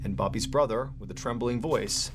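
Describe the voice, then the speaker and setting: A man narrating a scripted story with suspense, slowing down and dropping low at tense moments. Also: a crowd in the background. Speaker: storyteller in a played video.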